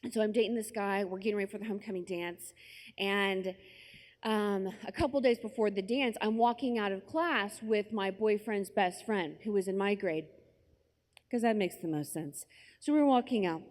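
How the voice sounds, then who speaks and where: A woman speaks on a conference stage, telling a personal story in a chatty, conversational way full of asides. Her voice sits at a middle pitch. A long hall reverb trails her words. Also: moderate pace, a little mellow. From United States.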